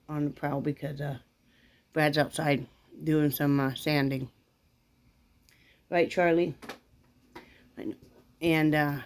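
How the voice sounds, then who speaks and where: Low-voiced chatty woman vlogger. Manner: rambling, chatty, talks baby-talk to her dog. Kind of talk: casual chat to camera.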